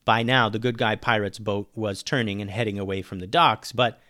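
Man reading a kids' adventure tale. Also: normal speed. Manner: lively, dropping low on speech tags. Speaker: storyteller. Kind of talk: reading a children's adventure story.

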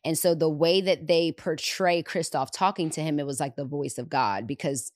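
A woman hosting a podcast, retelling a movie scene in an animated way and repeating words for emphasis. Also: low voice, normal speed, no echo, studio quality. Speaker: podcast host. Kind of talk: retelling a movie in casual chat.

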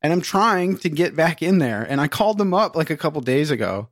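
A man co-hosting a comedy podcast, a bit higher than most men, with a lively, swinging voice. He trades stories in playful, profane banter. The sound is dry and close. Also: a little fast, no echo. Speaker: podcast co-host. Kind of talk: casual comedic chat.

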